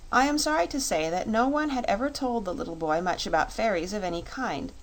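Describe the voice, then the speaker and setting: Audiobook narrator, woman, even measured read, mid-pitched. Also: rough recording. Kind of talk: scripted narration.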